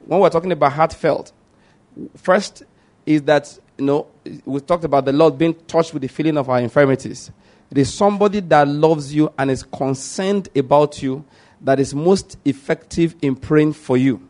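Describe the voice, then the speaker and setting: Man preaching a sermon, slightly high voice. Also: a little mellow. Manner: repeats points, asks "do you understand my point?".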